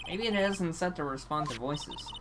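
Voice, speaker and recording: Woman voicing a shy young lawyer, low and soft. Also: normal speed, noisy background, close to an everyday voice. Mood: flustered. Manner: hesitant, stammering, low and soft. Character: nervous young male lawyer, polite and flustered. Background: game music.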